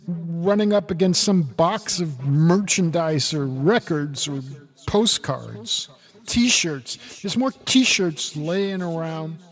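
An older man co-hosting a casual chat, rambling and halting with wry grumbles. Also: a little high, lively intonation. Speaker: musician and podcast co-host.

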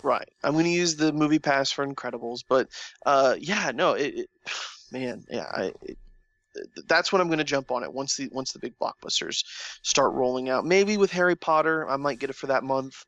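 A man's voice: medium pitch, lively intonation, normal speed, fairly bright tone, no room sound, highs cut off. A man in casual conversation, rambling and restarting his sentences with lots of fillers. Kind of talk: casual chat.

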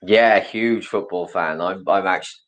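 A man's voice: low voice, normal speed, fairly bright tone, rough recording. A man in his thirties, from Wales, chatting casually as a guest, rambling and correcting himself with small chuckles. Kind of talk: casual chat.

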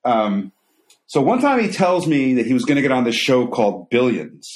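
A man's voice: mid-range voice, big pitch swings, normal speed, noisy background. A man guesting on a podcast, telling anecdotes in a casual, profane, emphatic way. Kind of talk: casual chat, storytelling.

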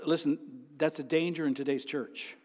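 A man preaching a sermon as pastor, dramatic, swinging from a near-whisper to loud exclaiming. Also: fairly high pitch, fairly even intonation, normal speed, big-room sound. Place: church sanctuary.

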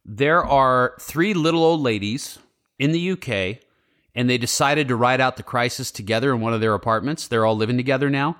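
A man's voice: medium pitch, fairly quick, a bit bright. A man co-hosting a casual podcast, reading out feel-good news stories in an upbeat way and laughing easily. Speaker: podcast co-host. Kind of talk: casual chat.

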